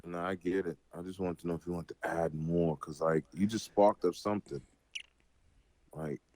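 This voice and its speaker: A man hosting a casual group Bible study, talking in an animated way with everyday parallels. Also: lowish voice, dry recording, rough recording. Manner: animated, draws everyday parallels, many fillers.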